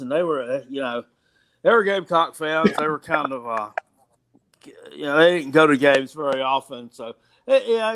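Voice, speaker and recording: A middle-aged man chatting casually about sports, halting with many restarts and breaking into excitable outbursts. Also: fairly high pitch.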